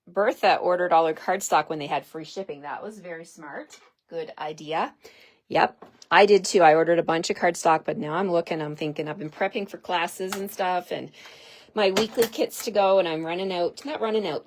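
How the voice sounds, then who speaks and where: A woman from Canada demonstrating a paper craft in a casual tutorial. She chats with viewers, talks to herself as she works and laughs often. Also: fairly low pitch. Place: home craft desk.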